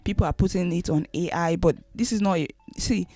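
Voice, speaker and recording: A woman's voice: on the low side, brisk, dark tone, no echo. A Nigerian woman with a Nigerian accent, giving an emphatic opinion monologue and often repeating phrases.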